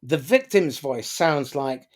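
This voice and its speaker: Male guest speaker, animated, emphatic, lots of ums. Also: fairly high pitch, slow pace. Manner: emphatic, with frequent um and uh fillers. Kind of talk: casual motivational talk.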